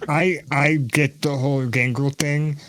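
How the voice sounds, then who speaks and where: A man's voice: a little high, steady tone, measured pace, a bit bright, a little hiss or hum. A man playing a tabletop roleplaying game and making dry, wry remarks in character and out. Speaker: player.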